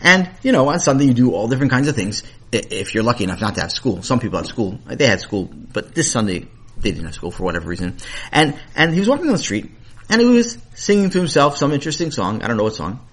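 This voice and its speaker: Animated, husky male storyteller. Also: medium pitch, quick pace. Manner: animated, playful asides. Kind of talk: children's story narration.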